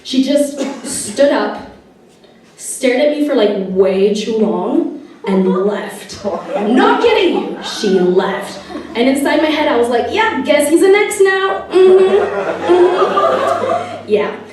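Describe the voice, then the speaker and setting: Young woman, stand-up comedian, wry family stories, slightly high voice, very echoey club. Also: a little mellow, a little hiss or hum. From Spain. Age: young adult. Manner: wry storytelling with long comic pauses. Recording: echoey room, mic at a distance.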